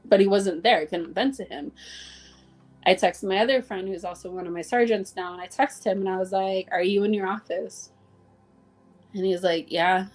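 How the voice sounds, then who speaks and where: A woman guest in a casual conversation tells heartfelt stories about her coworkers, acting out the dialogue and saying "like" a lot. Her voice is medium-pitched and steady, at a normal speed, with faint music in the background.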